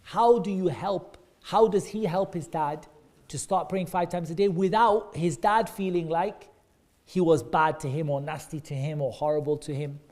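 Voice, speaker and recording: A man's voice: on the high side, fairly even intonation, moderate pace, a little mellow. A man teaching a class of children, asking them questions and praising and repeating their answers back. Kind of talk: interactive lesson for kids.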